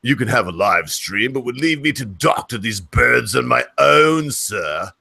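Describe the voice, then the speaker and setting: A man's voice: mid-range voice, animated, a little slow, creaky, pushed and bright, breathy edge, no echo, clean studio sound, exaggerated voice. A man voicing a prim, reproachful wife in a mock British accent. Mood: scolding. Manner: huffy, reproachful.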